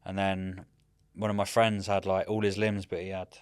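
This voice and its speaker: A man in his thirties, a military veteran guest, telling rambling, animated stories in casual chat and often saying "mate". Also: sits low, moderate pace, clear, resonant tone, no echo. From United Kingdom.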